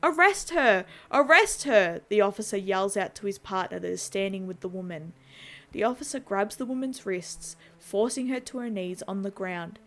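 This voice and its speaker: A woman telling a movie recap in a steady, conversational voice. Her narration is straightforward, with dry, wry asides now and then. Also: medium pitch, normal speed.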